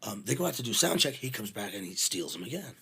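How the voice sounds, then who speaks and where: A middle-aged man telling backstage stories in a casual, animated way, swearing freely and using lots of fillers. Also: fairly low pitch, fast talker, gravelly, slightly rough. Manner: animated, profane, full of fillers. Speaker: podcast guest, venue manager. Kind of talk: casual anecdotal storytelling.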